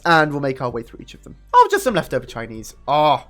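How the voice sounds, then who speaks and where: A young man chats on a home live stream, his pitch leaping around animatedly and sitting a little high for a man. He swears freely and jumps into sudden high excited bursts. Faint music plays under his voice. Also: fast. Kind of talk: casual live-stream chat with viewers. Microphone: desk microphone.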